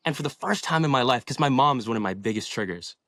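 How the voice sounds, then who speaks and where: A man's voice: mid-range voice, animated, fast, sharp tone, no room sound, clean studio sound. A young man in his twenties, a podcast guest, telling his story in a passionate, inspirational way and swearing freely. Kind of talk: casual storytelling in an interview.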